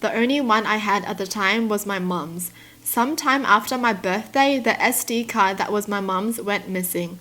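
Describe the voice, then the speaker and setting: A young woman reads out stories and reacts to them in animated casual chat, laughing often. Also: medium pitch, moderate pace. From Australia. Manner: animated, laughs often, slips into mock voices. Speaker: YouTuber reading and reacting to stories.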